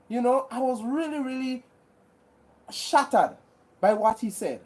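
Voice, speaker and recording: A woman's voice: a little high, expressive, unhurried, darkish tone. A woman from Grenada hosting a live chat, reading viewer comments and talking earnestly with many repeats and restarts. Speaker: livestream host.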